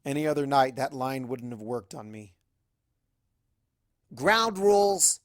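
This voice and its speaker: A man narrating a fan-fiction story in first person, with a brisk, wry, chatty delivery. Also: medium pitch, darkish tone, no room sound, clean studio sound. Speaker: fanfic reader.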